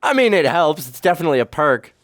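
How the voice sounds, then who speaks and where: Animated man reacting to a show. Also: a little high, fast talker, dry recording. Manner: animated, acts out characters' thoughts. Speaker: reaction video host. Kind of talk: casual reaction chat.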